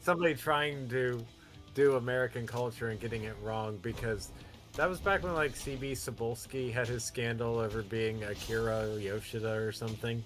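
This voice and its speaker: A man co-hosting a casual chat, quick to jump in with remarks. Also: mid-range voice, fairly bright tone, faint music behind. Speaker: podcast co-host.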